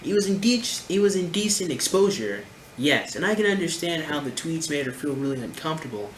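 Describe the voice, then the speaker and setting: Lively, lecturing male commentator. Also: a little high, brisk. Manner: lecturing, emphatic, repeats points. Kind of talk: reaction commentary. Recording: roomy echo, faint background noise.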